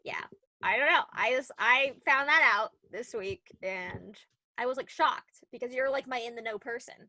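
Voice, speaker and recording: A young woman co-hosting a podcast, chatting casually with lots of "like" and animated retellings. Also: a little high, moderate pace, no echo. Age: young adult. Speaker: podcast co-host. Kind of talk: casual chat.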